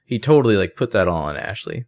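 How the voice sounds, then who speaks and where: A man's voice: on the low side, big pitch swings, fast talker. A man co-hosting a podcast, casually retelling a TV scene, with sarcastic asides and frequent swearing. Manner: sarcastic, swears freely, narrates scenes with quoted lines. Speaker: podcast co-host recapping a TV episode. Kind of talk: casual chat.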